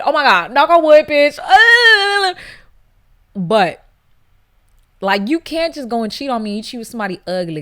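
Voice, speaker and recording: A woman hosting a casual podcast, blunt and profane, getting animated with loud laughing outbursts. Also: on the high side. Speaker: podcast host. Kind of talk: casual podcast chat, reading listener stories.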